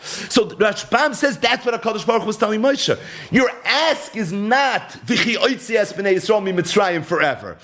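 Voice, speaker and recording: Male rabbi, animated teacher, rhetorical questions, acts out dialogue, bright high voice that swoops a lot. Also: moderate pace. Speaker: rabbi teaching a Torah class. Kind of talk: animated scriptural lecture.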